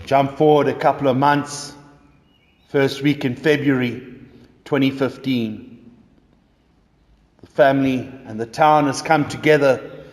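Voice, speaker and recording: A man's voice: medium pitch, fairly even intonation, measured pace, long pauses. A man preaching a sermon, telling a story dramatically in the second person. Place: church. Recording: echoey church reverb.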